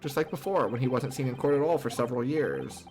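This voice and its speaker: A man streaming a video game, chatting casually with viewers in a relaxed, friendly way and reading its dialogue aloud. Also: medium pitch, fast, soft background music. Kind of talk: casual let's-play chat and game reading.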